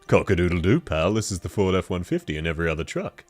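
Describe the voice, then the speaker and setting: A sick man with a cold putting on a hard-selling truck commercial announcer voice, low and lively. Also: fast talker, faint music behind. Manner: over-the-top sales pitch.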